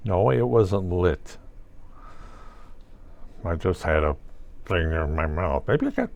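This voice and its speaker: A man's voice: mid-range voice, animated, takes it slowly, creaky, long pauses, no echo. An older man rambling through a solo monologue, asking himself questions and answering them with wry asides. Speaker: vlogger.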